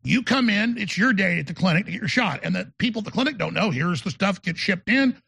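A man's voice: sits high, expressive, quick pace, vocal fry, sharp tone, husky. A man hosting a talk show, delivering an emphatic, rambling monologue and often repeating words. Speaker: show host.

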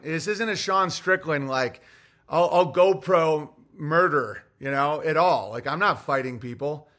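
A man's voice: fairly high pitch, lively intonation, a little slow, sharp tone. A man hosting a podcast, ranting in a casual, profane monologue as he tells a heated story. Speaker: podcast host.

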